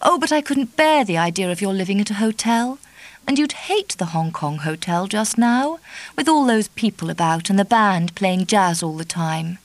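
A woman voicing a shy but earnest middle-aged woman, with a cool, deliberate and distinguished voice and an effusive, pleading manner. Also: medium pitch, lively intonation, no room sound, lightly acted.

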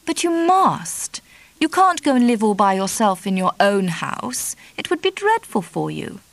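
A woman plays a shy but earnest middle-aged woman whose voice is cool, deliberate and distinguished, though her manner is effusive and pleading. Her medium-pitched delivery is sing-song with vocal fry, in a dry recording.

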